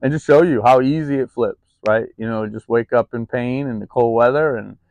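A vlogger speaks frankly in his personal vlog, his medium-pitched, slightly mellow voice moving at a normal pace. He rambles and confesses, full of ums and restarts, recorded dry outside in the cold.

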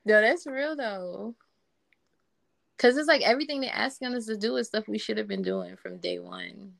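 A woman with a very gravelly, creaky voice cuts in with blunt remarks during a chat among friends. Her voice sounds dry and close, with no room echo. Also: on the high side, normal speed, a bit bright. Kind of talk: casual chat.

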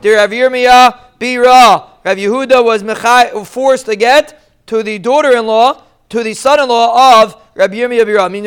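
A man giving a Talmud study lesson, explaining the Aramaic text line by line in casual English and acting out the quoted shouts with a raised voice. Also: high-pitched, clear, resonant tone. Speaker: Talmud teacher.

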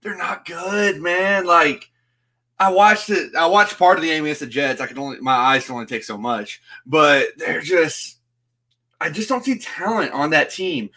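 Male co-host for a betting show, laid-back chat with easy laughs, bright tone. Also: a little high, normal speed. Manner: relaxed, laughs easily, casual fillers. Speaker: sports betting podcast co-host. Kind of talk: casual sports betting chat.

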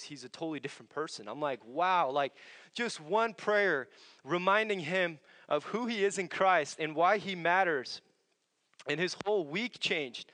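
A young man preaching a sermon in an earnest, conversational way, often dropping to a hushed voice as he tells stories. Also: fairly high pitch. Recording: long hall reverb.

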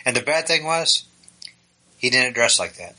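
A man co-hosting a podcast, telling absurd stories in a deadpan, joking way. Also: medium pitch, moderate pace, rough recording. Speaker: podcast co-host. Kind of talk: casual podcast chat.

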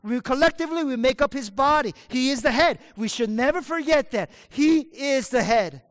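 A man's voice: very high-pitched, lively intonation, normal speed, a bit bright, no echo, clean studio sound, long reverb tail. A male pastor preaching a sermon, stressing single words and asking the congregation questions.

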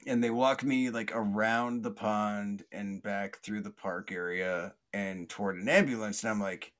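This man's tone is steady and his pace a little slow as he hosts a podcast and casually recounts a story. Fillers and restarts are frequent, he laughs a lot, and he performs others' voices loudly and at a higher pitch.

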